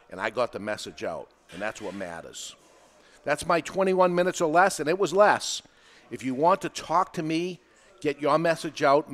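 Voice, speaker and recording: A man hosting his own podcast, talking in an animated, emphatic, conversational way. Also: medium pitch. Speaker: podcast host. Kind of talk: solo podcast monologue. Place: podcast studio.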